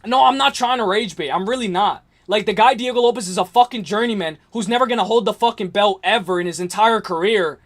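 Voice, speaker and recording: A young man hosting a livestream, ranting hard about fights, repeating himself, swearing and yelling at times. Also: high voice, quick pace, hardly any pauses. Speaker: livestream host. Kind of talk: heated livestream rant.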